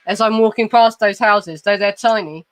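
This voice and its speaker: A woman's voice: medium pitch, moderate pace, no room sound, poor audio. A woman from England with an Estuary English accent, chatting casually as a podcast host, swearing freely and poking fun at herself. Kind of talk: casual chat.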